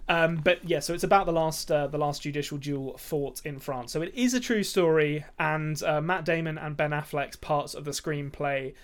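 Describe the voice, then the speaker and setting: A man with a fairly high voice co-hosts a film podcast and talks in relaxed, casual chat. He fills gaps with ums and sometimes rattles through a thought in a quick burst. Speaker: podcast co-host.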